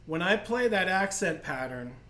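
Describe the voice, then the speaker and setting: A man's voice: high voice, expressive, moderate pace, reverberant, very noisy. A man teaching a livestream drum lesson, patiently explaining technique and counting in. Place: percussion studio.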